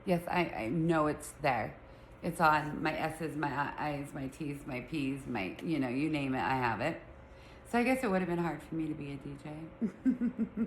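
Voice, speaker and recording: Rambling vlogger, woman, Utah accent, lisp, fairly low voice, roomy echo. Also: slight background noise. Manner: chatty, rambling, self-teasing. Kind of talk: casual chat to camera. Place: room at home with pets.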